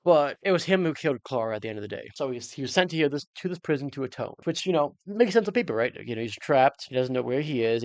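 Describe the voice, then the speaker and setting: A man with a gravelly, fry-edged voice of middle pitch, recapping a TV episode in a loose, joking way. He rambles through his theories and leaps up in pitch when something surprises him. The sound is dry and close, with no room around it. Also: no echo. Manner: jokey and rambling, with sudden excited jumps in pitch. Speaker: reaction channel host.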